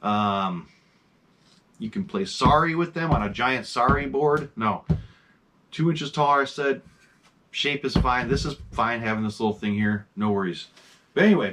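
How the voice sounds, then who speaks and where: Excitable rambling man showing masks. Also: fairly low pitch, a little hiss or hum. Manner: excited, rambling, swears casually. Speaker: mask collector and vlogger. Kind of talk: casual show-and-tell vlog.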